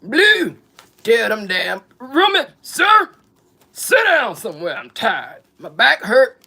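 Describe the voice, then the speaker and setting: A woman doing a loud, gruff impression of a cranky, ornery old husband. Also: fairly high pitch, huge pitch swings, takes it slowly, full character voice. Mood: irritated. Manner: barking, gruff complaints.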